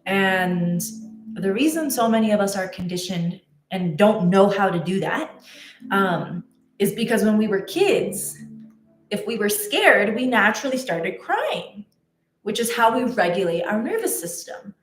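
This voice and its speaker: A woman's voice: medium pitch, sing-song, a little slow, reverberant, faint music behind. A woman telling a personal story in a casual, chatty way, with many fillers and restarts. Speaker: spiritual content creator.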